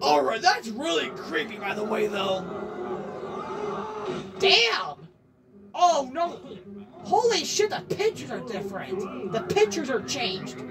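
A woman's voice: on the high side, sing-song, moderate pace, crowd noise. A woman doing reaction commentary, jumpy and exclaiming, swearing often. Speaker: video reactor. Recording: distant mic with music behind. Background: music.

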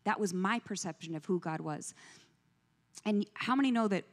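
A woman delivers a conversational sermon in a church sanctuary, speaking at a mid pitch. She tells personal stories and asks her listeners questions. A long reverb from the hall trails behind every phrase. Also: normal speed. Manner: storytelling, asks the audience questions. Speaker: guest speaker, pastor's wife.

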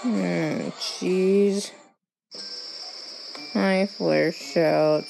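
A woman commenting on a game, reacting with excitable, alarmed outcries. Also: lowish voice, drawn-out words, gravelly. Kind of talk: reacting to gameplay. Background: game music.

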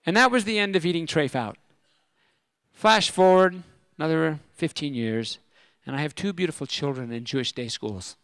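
Animated middle-aged male storyteller. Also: a little high, normal speed, smooth. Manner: animated, self-deprecating storyteller. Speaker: speaker at a religious convention. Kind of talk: personal storytelling talk.

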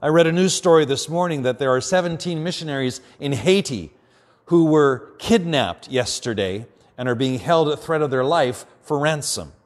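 Man, pastor, sermon, earnest, fairly high voice, hushed emphatic drops. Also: expressive. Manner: earnest, dropping quiet and slow for emphasis.

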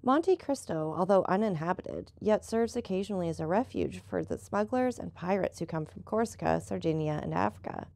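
Woman narrator doing a steady old-hand boat captain, explaining, gravelly texture. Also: fairly low pitch, brisk, hardly any pauses, dry recording. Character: seasoned male boat captain, calm and knowing.

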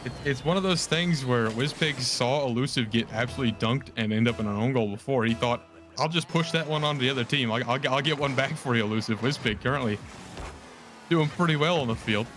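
A man calling esports play-by-play in a quick, rambling way, often correcting himself mid-sentence. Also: mid-range voice, over music. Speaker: play-by-play caster.

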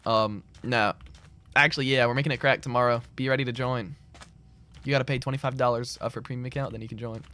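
A man's voice: medium pitch, fairly even intonation, fast talker, pushed and bright. A man streaming a game, chatting casually in a loose, slangy, rambling way as he answers his chat. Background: keyboard clicks and typing.

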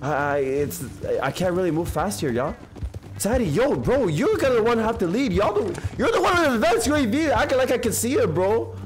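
Excitable young man streaming. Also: sits high, a little fast, soft background music. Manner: excitable slangy banter with chat. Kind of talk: live game streaming commentary.

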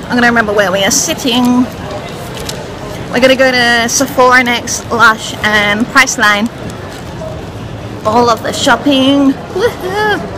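This young Australian woman, a vlogger, talks to her camera in a casual, giggly, self-mocking way as she shops through a crowded shopping centre food court. Her voice sits a little high, and there's background noise, with loud crowd chatter and music behind her.

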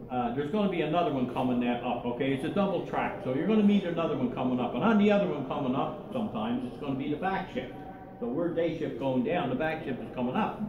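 A man's voice: mid-range voice, lo-fi sound. An older man, a former coal miner guiding a mine tour and spinning joking stories, often checking in with "okay?" and "right?". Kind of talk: guided tour storytelling. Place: underground coal mine tunnel. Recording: echoey mine tunnel, distant mic, noisy.

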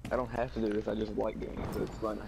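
A man's voice: lowish voice, level tone, very fast, gravelly, background noise. A man chatting easygoingly as a teammate in an online game. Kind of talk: voice chat during online game.

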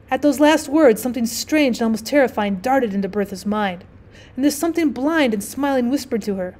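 A woman teacher narrating a classic short story as an audiobook, measured and expressive. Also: fairly high pitch.

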